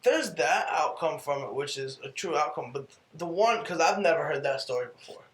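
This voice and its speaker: A man's voice: on the high side, animated, normal speed, a bit bright. Man, podcast co-host, reflective, agreeing, roomy echo. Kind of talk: casual faith podcast talk.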